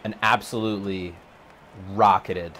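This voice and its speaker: A man speaking a little slowly narrates his video game play live from an empty office, with slight background noise. Excitable by nature, he lets his voice jump high when worked up.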